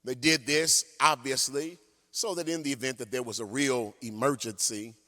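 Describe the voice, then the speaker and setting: A man pastor preaching a sermon and telling a story in an animated way, sometimes singing his phrases. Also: mid-range voice, normal speed. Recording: long church hall reverb.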